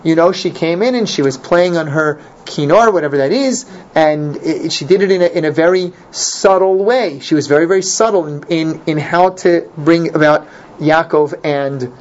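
A man teaching an informal Torah class, animated and repeating his points for emphasis. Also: fairly high pitch, moderate pace. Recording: dull lo-fi recording, faint noise.

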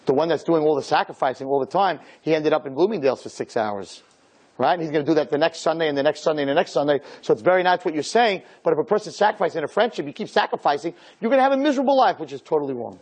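A rabbi delivering a lecture with a voice that sits a bit above the usual male range. He keeps it lively, acting out everyday dialogues and throwing rhetorical questions at his listeners. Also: fairly high pitch, fast. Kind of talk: Torah lecture to a live group.

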